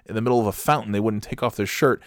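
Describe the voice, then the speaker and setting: A man's voice: fairly low pitch, racing, no room sound, clean studio sound. A man telling a casual comic anecdote, profane and exasperated. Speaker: storyteller.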